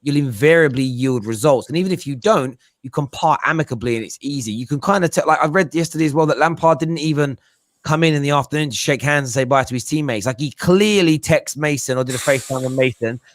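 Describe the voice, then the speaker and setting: A man chatting casually as a football podcast pundit, animated and joking, slipping into mimicking voices. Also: fairly high pitch, fast, no echo.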